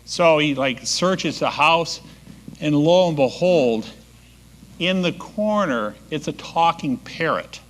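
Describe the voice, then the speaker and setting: A man's voice: on the high side, animated, slow. A man emceeing a live event, telling jokes and introducing dancers in a loose, rambling way on a stage microphone. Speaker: master of ceremonies. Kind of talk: joke-telling emcee patter.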